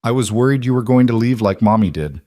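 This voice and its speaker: A man's voice: mid-range voice, lively intonation, quick pace, mellow, no echo, studio quality, close to an everyday voice. A man voicing a serious little girl. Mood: earnest. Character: anxious, serious eight-year-old girl. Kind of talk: storybook reading.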